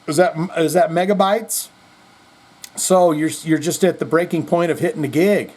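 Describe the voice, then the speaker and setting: A man's voice: a little high, lively intonation, measured pace, warm tone. A middle-aged man hosting a podcast, rambling in casual chat with self-deprecating jokes. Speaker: podcast host.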